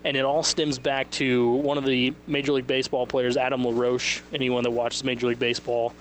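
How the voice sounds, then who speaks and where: A man hosting a sports radio show live from a liquor store, chatting casually and quickly, sometimes mimicking other people's voices. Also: mid-range voice, flat delivery, a little hiss or hum.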